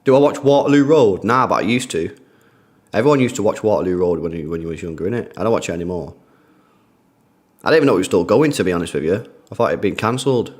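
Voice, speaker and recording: A young man with a low, expressive, slightly mellow voice talks quickly while streaming a football watchalong. He chats casually in slang, reading donations and greeting donors by name.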